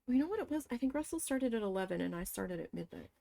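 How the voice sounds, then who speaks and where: A woman casually telling a story from her past, animated and swearing as she quotes her own shocked reactions. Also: on the high side, rapid-fire, gravelly. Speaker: crafting vlogger.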